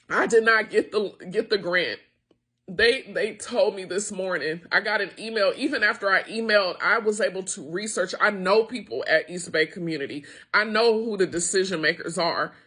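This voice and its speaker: Frustrated American woman, small-business owner, bright tense voice, raw vlog rant. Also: medium pitch, moderate pace, slightly rough. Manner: upset, frustrated, venting with profanity. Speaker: wine tasting room owner. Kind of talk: emotional direct-to-camera rant.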